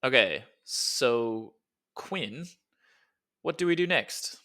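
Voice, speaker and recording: A man voicing a sarcastic young man in an audiobook who talks fast when he is flustered. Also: mid-range voice, animated, pushed and bright, heavily acted. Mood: wry.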